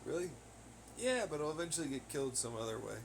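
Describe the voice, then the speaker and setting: A man's voice: a little high, big pitch swings, quick pace, gravelly, slight background noise. A young man rambling casually on his own podcast, cursing heavily as he rants. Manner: heavy swearing, ranting. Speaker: podcast host. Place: home on laundry day.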